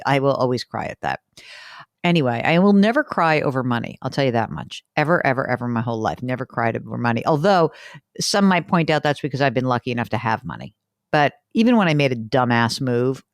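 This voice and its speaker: A middle-aged woman hosting a talk show, chatting casually and telling stories with animated energy. Her pitch swoops a lot, and the recording is dry and close. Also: no room sound. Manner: chatty, animated storytelling with laughs. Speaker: host. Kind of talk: casual chat.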